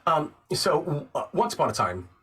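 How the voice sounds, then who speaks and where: Husky, animated man telling stories. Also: moderate pace, recorded from a distance. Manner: animated storyteller, swings from low mumbling to loud excited bursts. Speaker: podcast guest, actor and narrator. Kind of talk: casual chat.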